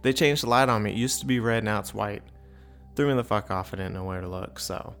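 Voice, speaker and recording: A man's voice: lowish voice, a little fast, gravelly, a bit bright, reverberant, faint music behind. A man doing stand-up comedy and recapping his set, profane, rambling and self-deprecating. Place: comedy club stage.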